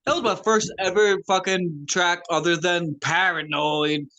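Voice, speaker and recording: A man's voice: high voice, fairly even intonation, a little slow, pushed and bright. A man from Canada chatting casually as a rapper, swearing freely and laughing easily. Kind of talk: casual chat.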